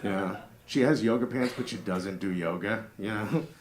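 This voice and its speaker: A man's voice: on the low side, normal speed. A man with a New York-area accent doing a crude, conversational stand-up set, acting out bits of dialogue. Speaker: stand-up comedian. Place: comedy club stage with live audience. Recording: live club audience laughing. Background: audience laughter.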